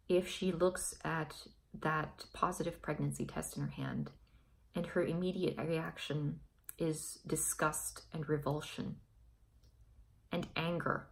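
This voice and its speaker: A woman vlogger giving an earnest opinion monologue, stressing and repeating her key points and pausing to find her words. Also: sits low, vocal fry. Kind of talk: personal opinion monologue to camera.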